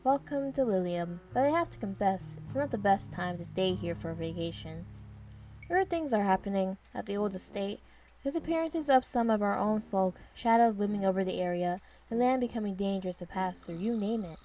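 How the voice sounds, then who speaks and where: A woman's voice: medium pitch, expressive, brisk, warm tone, soft background music, natural voice. A woman voicing a wary villager who speaks in an earnest, cautionary way. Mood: warning. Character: wary village townsperson giving warnings.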